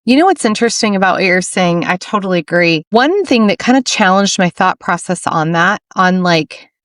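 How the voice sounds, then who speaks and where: A woman's voice: lowish voice, expressive, normal speed, a bit bright, no echo, studio quality. A middle-aged woman hosting a podcast interview, talking earnestly and telling stories with quoted dialogue. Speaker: podcast host. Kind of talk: casual interview chat.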